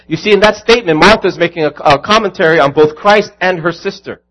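A man's voice: on the high side, quick pace, hardly any pauses, fairly bright tone, poor audio. A man preaching a sermon as pastor, earnest and building to emphatic peaks.

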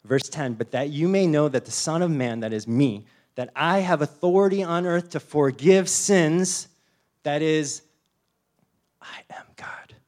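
Animated man preaching a casual sermon. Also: a little high, unhurried. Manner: animated storytelling, acts out voices, frequent "you know" and "like". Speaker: pastor.

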